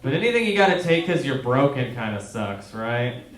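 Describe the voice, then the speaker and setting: A man's voice: medium pitch, very animated, normal speed. A man doing a stand-up comedy set in a small theater, talking to the crowd and asking them questions. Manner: conversational, asks the crowd questions. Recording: roomy live theater recording with crowd. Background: audience laughing.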